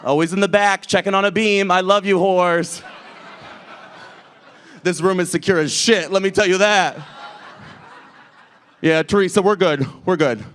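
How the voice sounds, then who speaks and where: Brash, profane drag comedy host. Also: male voice, sits high, fairly even intonation, measured pace, long pauses, a bit bright, slight background noise. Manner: brash, profane, teasing the crowd. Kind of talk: stand-up crowd work. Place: comedy club stage before a live audience.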